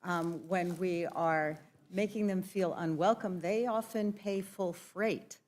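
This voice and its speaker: A woman's voice: on the low side, fairly even intonation, slow pace, darkish tone. A woman on a congressional committee, speaking earnestly with fillers while losing her voice. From southeastern Pennsylvania. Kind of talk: committee hearing remarks. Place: hearing room.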